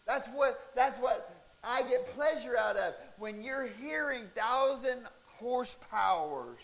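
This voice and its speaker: A middle-aged male pastor telling stories in a sermon, animated and breaking into shouts and laughs at the peaks of a story. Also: extremely high pitch, slow pace. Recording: faint hiss.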